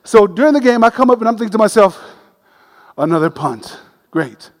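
A man delivers a sermon with a high, bright-sounding voice and a storyteller's lively humor. His words ring out with the long reverb of a large hall. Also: very fast. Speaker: preacher.

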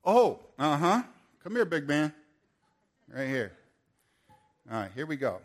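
A man preaching a sermon, swinging from forceful declarations to playful banter with volunteers he calls on stage. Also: on the high side, very animated, a little slow. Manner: rises to forceful proclamations, then playful and joking with volunteers. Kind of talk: sermon with live audience demonstration.

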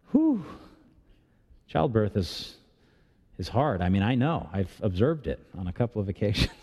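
Male pastor, mellow tone, conversational sermon with asides and questions, big echoing church hall. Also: on the low side, dull audio. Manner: conversational preaching with rhetorical questions and humor. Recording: long reverb of a large hall.

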